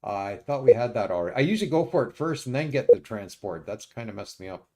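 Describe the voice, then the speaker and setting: A man streaming a strategy game, muttering his moves to himself and often pausing with uhs. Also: medium pitch, big pitch swings, dark tone. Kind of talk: casual let's-play commentary.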